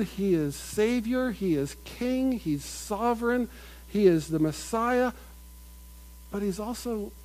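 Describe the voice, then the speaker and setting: A middle-aged man preaching a sermon in an earnest manner, building to loud emphatic peaks and dropping to quiet asides. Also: sits high, low-quality recording. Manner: earnest, builds up with rising emphasis, mimics crowd voices.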